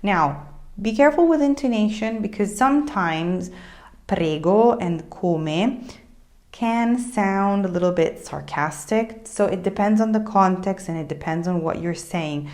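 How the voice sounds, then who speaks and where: Woman teaching a lively language lesson. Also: mid-range voice, measured pace. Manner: clear, explanatory, models Italian phrases with lively intonation. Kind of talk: friendly online language lesson.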